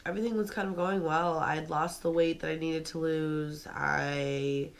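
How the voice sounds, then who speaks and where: A woman's voice: low voice, steady tone, moderate pace, creaky. A young woman vlogging to camera, telling a story with many fillers and restarts while venting that she is upset.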